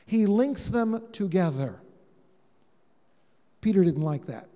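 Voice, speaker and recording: Slow and sing-song, with a dark tone to his fairly high voice, this pastor brings his sermon story alive by acting out each line spoken. The hall gives his voice a long, ringing reverb tail.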